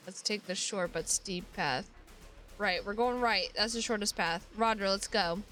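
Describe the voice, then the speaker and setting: A woman's voice: mid-range voice, moderate pace, bright, forceful tone, faint music behind. A woman streamer reading a visual novel aloud, breaking off into casual, sweary asides.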